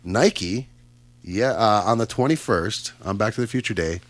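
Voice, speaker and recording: A man's voice: fairly low pitch, animated, measured pace, no echo. A Canadian man hosting a casual radio chat show, upbeat and chatty with lots of fillers and asides. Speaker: radio host. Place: radio studio.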